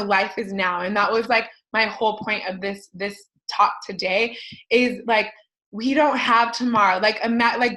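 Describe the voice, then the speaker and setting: A woman in her thirties, a podcast host, talking casually to her listeners in a rambling, animated way, full of fillers and tangents. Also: mid-range voice, low-quality recording. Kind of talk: casual personal talk to listeners.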